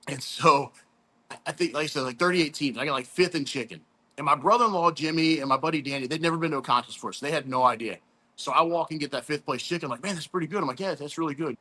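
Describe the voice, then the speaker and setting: A man in his thirties from St. Louis talks in a loose, chatty storytelling way. His voice is bright and forward at an ordinary pitch, and he peppers his talk with "dude" and "man". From St. Louis, USA. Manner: laid-back, chatty, says "dude" and "man" a lot. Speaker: competition barbecue pitmaster guest. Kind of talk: casual storytelling interview.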